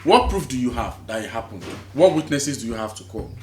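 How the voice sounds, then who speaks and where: A man's voice: mid-range voice, animated, fairly quick, darkish tone, a little hiss or hum. A man co-hosting a podcast, explaining his point earnestly and emphatically. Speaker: podcast co-host. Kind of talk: casual discussion. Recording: roomy echo, faint music.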